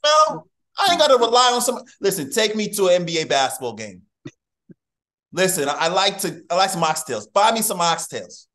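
Animated, joking man guest. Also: high voice, a little fast. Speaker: podcast guest. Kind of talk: casual chat.

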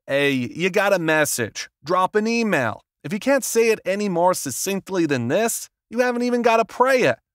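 A man's voice: high-pitched, sing-song, normal speed, few pauses, no room sound, studio quality, pitched above the performer's own voice. A man doing a brusque, sarcastic literary agent. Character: gruff, sardonic middle-aged male literary agent. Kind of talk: audiobook character reading.

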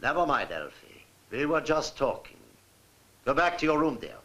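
An actor in a dubbed film playing a stern older professor who speaks formally and dismisses others in clipped tones. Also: male voice, on the high side, big pitch swings, moderate pace, bright, forceful tone, poor audio. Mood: cold. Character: stern older male professor, cold and commanding. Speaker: professor and father.

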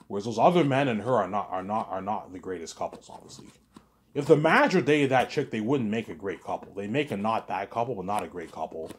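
A man's voice: lowish voice, expressive, fast. A young man talking casually to the camera in a rambling, repetitive monologue full of swearing. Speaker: vlogger.

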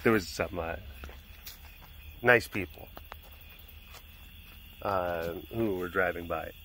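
A man's voice: deep voice, slow, pushed and bright, slight background noise. A man keeping big cats, chatting casually and playfully scolding the animals in mock-serious tones, outdoors at an animal facility. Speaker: big cat keeper. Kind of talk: casual vlog.

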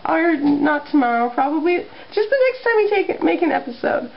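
A woman's voice: sits high, animated, normal speed, creaky, a little hiss or hum. A woman hosting a doll play video, chatting and giggling as she narrates the scenes. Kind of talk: playing with dolls and narrating. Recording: dull home video recording.

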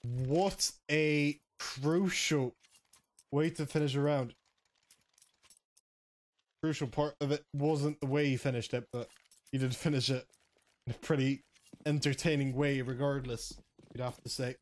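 A man giving animated, emphatic play-by-play commentary on an esports match. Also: medium pitch, unhurried, pauses often. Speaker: caster.

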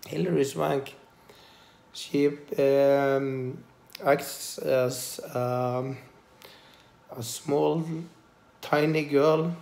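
Man, casual vlog, slow halting delivery, emotional, roomy sound. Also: mid-range voice, fairly even intonation, creaky, a little mellow. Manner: slow, halting, with many pauses and fillers; tender and emotional. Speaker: vlogger. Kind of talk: casual personal vlog to camera. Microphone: handheld camera. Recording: echoey room.

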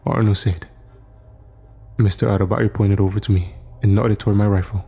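A man narrates a horror story in a low, dark, gravelly voice. His delivery is steady and measured. Faint music plays beneath him.

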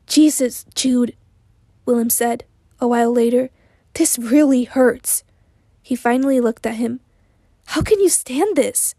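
A woman with a hoarse voice reading the part of a hurt, angry young man who speaks bitterly and with strain. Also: fairly high pitch, steady tone, measured pace, long pauses, dark tone, no room sound, studio quality. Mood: pained.

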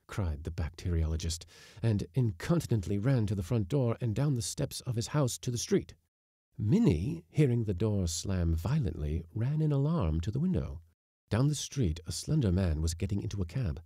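A man reading a classic short story aloud with expressive, dramatic delivery. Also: lowish voice, moderate pace, breathy edge, no room sound, clean studio sound.

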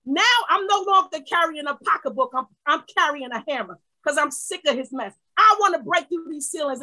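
A woman pastor preaching a fervent sermon, swinging from shouting to quiet asides. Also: sits high, low-quality recording.

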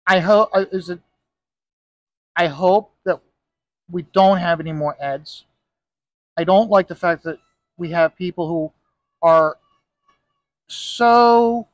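A man talks in a loose, ranting monologue and keeps coming back to "okay?" to drive his points home. His voice sits fairly high for a man. The sound is dry, with little room around it. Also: dry recording, muffled recording. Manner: ranting, emphatic, repeats "okay?". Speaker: comic book inker and video host. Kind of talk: casual monologue vlog. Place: bar.

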